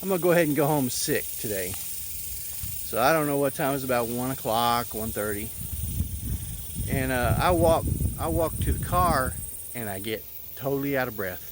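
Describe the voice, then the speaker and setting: A man in his thirties telling a personal story in a casual, halting way, with many fillers and restarts. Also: mid-range voice, background noise. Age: 30s.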